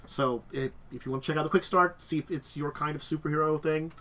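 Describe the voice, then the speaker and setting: Male host, casual chat, congested nose, brightish, halting delivery with fillers. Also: a little high, steady tone. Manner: halting, many restarts and ums. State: stuffed up nose. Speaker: podcast host. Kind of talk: casual chat about tabletop games.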